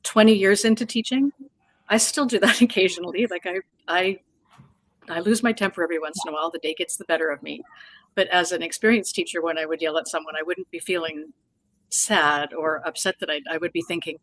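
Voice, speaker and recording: A woman's voice: on the low side, a bit bright, rough recording. A woman in her forties, an experienced teacher, speaking reflectively in a casual interview. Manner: reflective, measured. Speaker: veteran teacher.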